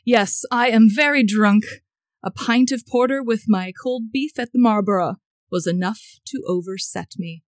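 A woman reading aloud the lines of a reckless, slightly drunk young gentleman in a period novel, with dramatic emphasis. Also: a little high, moderate pace, no echo, clean studio sound, close to an everyday voice. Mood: urgent. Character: brash charming young gentleman rake, drunk.

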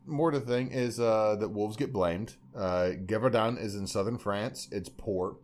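A young man co-hosting a podcast in casual chat, telling stories in a rambling, animated way full of tangents. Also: lowish voice, a little slow, slight background noise. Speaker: podcast co-host.

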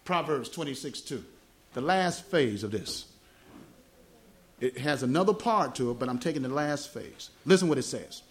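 A man's voice: mid-range voice, expressive. A man with a Southern US accent preaching a teaching sermon at a fellowship meeting, spelling out words and asking the congregation questions. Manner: asks the congregation questions, explains words slowly. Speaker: gospel evangelist. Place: small church fellowship meeting.

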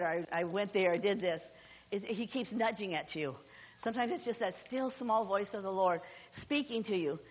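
A woman's voice: on the high side, slight background noise. A middle-aged woman pastor preaching a sermon, emphatic and exhorting, often repeating her phrases. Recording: dull audio with long hall reverb.

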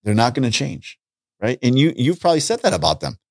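A man talking casually on a podcast, an animated storyteller who acts out conversations and repeats his points. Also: medium pitch, quick pace, vocal fry, no echo, clean studio sound. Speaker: podcast guest, street preacher. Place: podcast studio.

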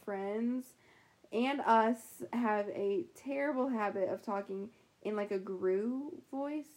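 A woman's voice: medium pitch, takes it slowly, darkish tone. A young woman co-hosting a podcast in casual chat, giggly and talkative, full of fillers. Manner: giggly, chatty, lots of "anyways" and "like". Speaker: podcast co-host.

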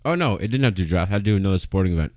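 A man's voice: low-pitched, expressive, rapid-fire, a little mellow, no echo. A man co-hosting a casual podcast chat, rambling loosely and swearing now and then. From Maine. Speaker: podcast co-host.

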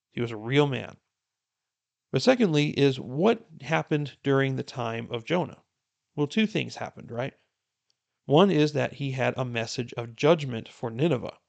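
A man with a gravelly, creaky voice at a middle pitch reads scripture aloud in an earnest, unhurried way. He then slips into relaxed, chatty commentary as he explains the passage to his listeners. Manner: earnest, unhurried reading that turns to warm casual commentary. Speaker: Bible reading plan host.

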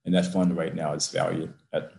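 A man's voice: low voice, flat delivery, a little fast, creaky, darkish tone, reverberant, a little hiss or hum. A university president, a man, telling a personal story in an interview from his office, building to emphatic peaks.

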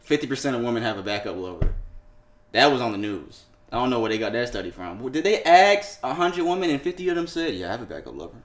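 A man's voice: mid-range voice, expressive, fast. A young man co-hosting a podcast, chatting casually and loosely, swearing, laughing and reading headlines aloud. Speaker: podcast co-host. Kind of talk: casual chat.

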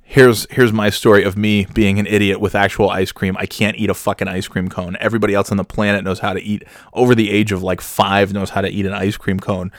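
A man's voice: on the low side, little pitch movement, brisk, few pauses, dry recording, studio quality. A man telling a rambling comic story about himself, self-mocking and swearing freely. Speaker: comedian storyteller.

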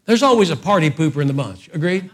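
A man preaching a sermon in an animated storytelling style, mixing humor and asides to the congregation. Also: on the high side, quick pace.

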